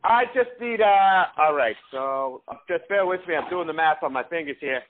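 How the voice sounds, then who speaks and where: A man with a slightly high voice rambles through a prank phone call, stumbling over fillers and restarts. He comes through a tinny, narrow phone line. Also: lively intonation, moderate pace, a little hiss or hum. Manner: rambling and hesitant, full of fillers. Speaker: prank caller.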